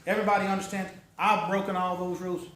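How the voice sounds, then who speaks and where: A man's voice: high-pitched, level tone, quick pace, fairly bright tone. A man presenter wrapping up a talk in a light, self-mocking way. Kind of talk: joking end of a talk. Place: meeting room in a building. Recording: roomy and from far off, faint hiss.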